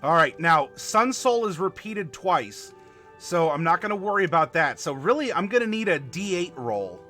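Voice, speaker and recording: A man hosting a live tabletop worldbuilding stream, chatting to viewers and halting over fillers as he spells out dice commands. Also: sits high, big pitch swings, pushed and bright, soft background music. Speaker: game master and stream host.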